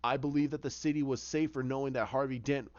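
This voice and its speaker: A man's voice: mid-range voice, fairly even intonation, quick pace, highs cut off, natural voice. A man voicing a weary, middle-aged male police chief speaking earnestly and plainly.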